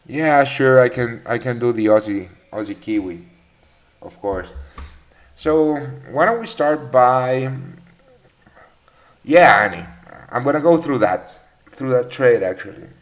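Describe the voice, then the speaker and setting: A man's voice: mid-range voice, lively intonation, measured pace, long pauses. A man hosting a live trading webinar, chatting casually, greeting viewers by name with many fillers and restarts. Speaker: trading session host.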